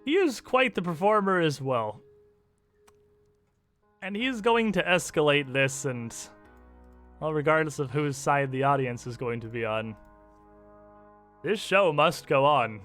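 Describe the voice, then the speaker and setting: A man narrating as game master of a tabletop game, relaxed and peppered with fillers. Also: a little high, unhurried, pauses often, faint music behind.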